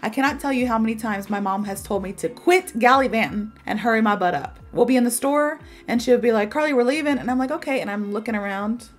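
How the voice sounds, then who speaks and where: A woman's voice: on the high side, fairly quick, hardly any pauses. Chatty woman teacher. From American South. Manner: chatty, animated storytelling with many fillers. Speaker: English teacher. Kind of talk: casual video lesson.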